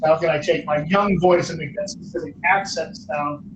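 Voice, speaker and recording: A man's voice: fairly high pitch, fairly even intonation, moderate pace, highs cut off. Upbeat male coach in an echoey room. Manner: upbeat, joking, encouraging. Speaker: host and dialect coach. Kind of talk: live online Q&A, answering viewer questions. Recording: echoey room with background noise.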